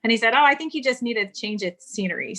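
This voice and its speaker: Woman in her 40s from California, interview guest, bright and forceful tone, recounts her past frankly. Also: a little high, animated, fast talker. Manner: candid storytelling, quotes others in dialogue. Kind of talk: casual interview conversation.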